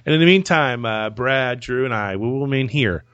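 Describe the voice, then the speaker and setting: A man's voice: mid-range voice, lively intonation, brisk, muffled recording. A man hosting a casual podcast chat. He rambles and repeats words as he starts his sentences. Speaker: podcast host.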